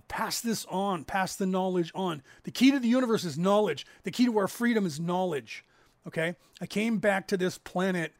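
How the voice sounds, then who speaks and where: Livestream host, fifties, male, from California; high, gravelly voice, dry close sound, rambling chatty delivery. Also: no room sound. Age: 50s. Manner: rambling storyteller, acts out others' lines in raised voices. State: raspy from COPD. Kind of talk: casual livestream chat.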